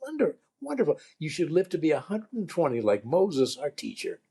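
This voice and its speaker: Older man as a beaming old rabbi, slightly raised voice, husky and mellow, joke telling. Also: fairly high pitch, wildly swooping pitch, brisk, pitched above the performer's own voice, exaggerated voice. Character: cheerful old male rabbi blessing elderly people.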